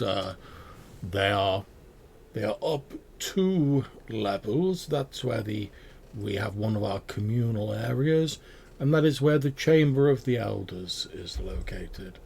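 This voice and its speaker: A man's voice: on the low side, lively intonation, takes it slowly, gravelly, a little mellow, husky, full character voice. A man voicing an old male tree-dweller who speaks formally and with elaborate politeness. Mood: helpful. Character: courteous old male elder of a great tree.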